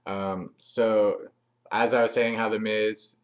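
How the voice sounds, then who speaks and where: A man's voice: on the low side, flat delivery, slow. A man giving a chatty, loose recap of a wrestling show as a reviewer, with frequent fillers and restarts. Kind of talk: casual recap commentary.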